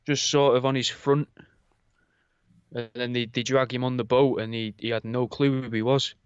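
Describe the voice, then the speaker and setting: A man co-hosting a podcast, telling stories in a rambling, deadpan, casual way. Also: medium pitch, moderate pace, smooth, dry recording, lo-fi sound. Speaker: podcast co-host. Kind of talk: casual comedic chat.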